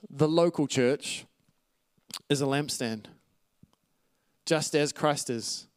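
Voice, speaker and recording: A man preaches a sermon in an earnest teaching manner, walking through scripture passages and checking in with his listeners. His voice sits slightly high and comes across smooth and clear. The recording is dry, with little room sound. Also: no room sound. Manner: earnest teaching with scripture references, occasional light laughs.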